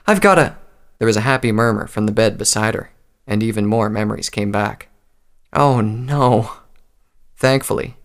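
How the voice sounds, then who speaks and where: A man reading a story aloud in a calm, measured narration. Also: fairly low pitch, vocal fry.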